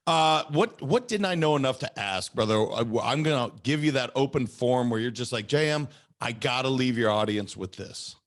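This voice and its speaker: A man's voice: mid-range voice, expressive, moderate pace. A middle-aged man hosting a podcast, enthusiastic and encouraging with his guest and listeners. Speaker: podcast host.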